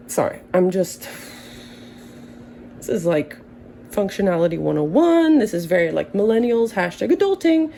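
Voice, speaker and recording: A woman in her early thirties speaks in a relaxed, warm tone with plenty of vocal fry. She drifts through a casual monologue, wandering off on tangents with dry, self-mocking humor and the odd curse. A faint hum sits behind her. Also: mid-range voice, moderate pace, rough recording. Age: early 30s. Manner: rambling, tangent-prone, wry and profane. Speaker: vlogger.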